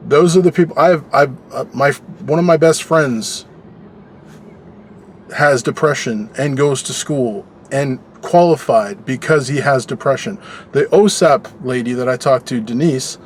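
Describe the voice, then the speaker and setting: A man's voice: medium pitch, unhurried, slight background noise. Frustrated man ranting in a vlog. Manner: frustrated rant, swinging from loud to quiet. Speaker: vlogger. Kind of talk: personal vlog monologue.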